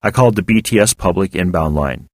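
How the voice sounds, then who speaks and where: A man narrating first-person fiction in a measured, reflective storytelling manner. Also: sits low, lively intonation, dry recording.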